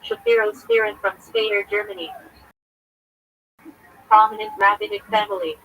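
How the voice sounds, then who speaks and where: A man's voice: sits high, flat delivery, moderate pace, highs cut off. A man, a rabbi, reading from a list on a livestream in short clipped fragments. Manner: clipped fragments, terse and listing.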